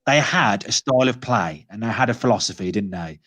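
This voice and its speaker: A man's voice: fairly low pitch, animated, a little fast, a bit bright, dry recording. A man hosting a football podcast, chatting casually and hesitantly with many restarts. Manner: hesitant, lots of filler and restarts. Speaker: podcast host.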